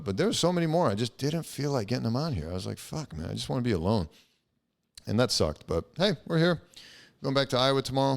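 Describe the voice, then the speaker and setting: A young man talks alone into the mic for his podcast, drifting from one thought to the next with plenty of swearing and filler words. His voice sits low for a man. It has a smooth, resonant tone. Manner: rambling, profane, frequent fillers. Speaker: podcast host. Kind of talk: casual solo podcast monologue.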